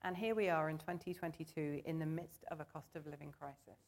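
A woman gives a sermon in church, earnest and conversational in tone. Her voice sits a little low, and she pulls the congregation in as she talks. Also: steady tone, brisk, vocal fry, darkish tone. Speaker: preacher.

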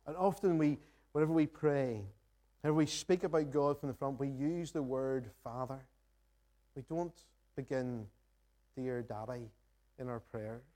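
With a slightly high voice and dark tone, a pastor preaches in a church sanctuary. He is earnest and reflective, reading from scripture and posing questions to those gathered.

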